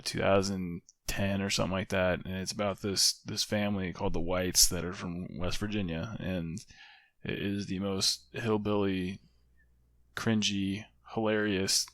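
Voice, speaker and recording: A man co-hosting a podcast, relaxed and joking in casual chat. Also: low-pitched, no room sound, studio quality. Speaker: podcast co-host.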